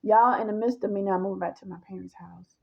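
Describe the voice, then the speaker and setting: A woman's voice: mid-range voice, fairly even intonation, quick pace, a little mellow, dull audio. A woman gives an emphatic personal testimony, talking straight to her listeners.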